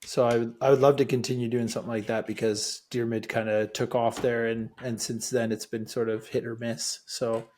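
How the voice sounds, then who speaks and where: A man's voice: mid-range voice, a little fast, hardly any pauses, slight background noise. A man from Canada, a guest on a podcast, chatting casually and joking around. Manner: jokey, animated banter. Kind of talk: casual chat.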